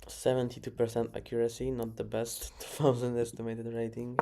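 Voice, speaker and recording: A man's voice: medium pitch, completely flat delivery, brisk, dark tone. A man casually reviewing his own chess games, muttering moves, correcting himself and chuckling along the way. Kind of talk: casual game review commentary. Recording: clear background noise.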